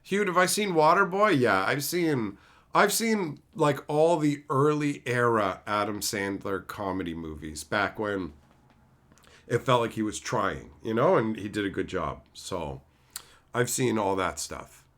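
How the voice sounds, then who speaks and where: Streamer guy rambling through chat, bright tone, swears a lot, pitch jumps around. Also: a little slow. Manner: rambling, profane, animated. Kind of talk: casual live-stream chat.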